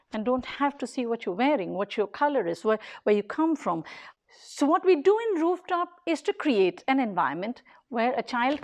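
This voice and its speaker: A woman's voice: high-pitched, darkish tone. A woman who leads a daycare, giving an earnest public talk in short, emphatic, repeated phrases. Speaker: daycare leader.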